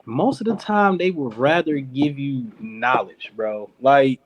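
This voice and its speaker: A crowd can be heard behind a man speaking slowly at a medium pitch. He's a clothing company founder from Detroit, United States, guesting on a podcast and casually spinning a long story, often laughing and imitating what others said.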